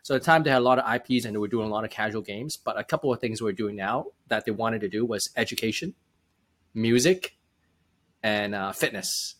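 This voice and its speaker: A man's voice: fairly low pitch, a little fast. A startup founder on a podcast. He tells his story casually, using many fillers and restarts. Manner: relaxed, with frequent fillers and restarts.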